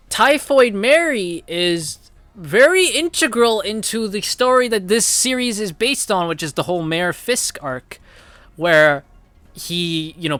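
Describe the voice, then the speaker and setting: Excitable, foul-mouthed young male reviewer. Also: high-pitched, no room sound. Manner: excitable, heavy swearing, rambling with lots of fillers. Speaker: TV episode reviewer. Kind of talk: casual video review.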